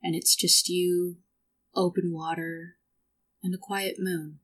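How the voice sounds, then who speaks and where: A woman running a tabletop game, narrating scenes slowly and descriptively. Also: on the low side, flat delivery, a bit bright. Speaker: game master.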